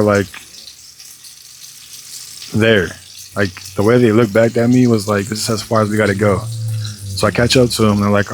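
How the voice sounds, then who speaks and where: Exasperated low-voiced man vlogging in kitchen. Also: slight background noise, low-quality recording. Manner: profane, exasperated storytelling with lots of fillers. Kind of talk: casual storytelling vlog while cooking. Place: home kitchen.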